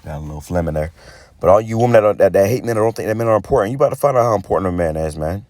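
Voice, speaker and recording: A man giving a casual preaching monologue, rambling and stammering as he repeats words, and reading scripture slowly and deliberately. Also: low-pitched, expressive, background noise. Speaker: street preacher.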